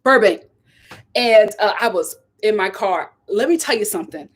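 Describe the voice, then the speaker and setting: On her own vlog, a woman tells a story with emphasis, imitating the voices of others along the way. Her mid-range voice is expressive and moves at a normal speed, and the talk is a casual exchange of opinions.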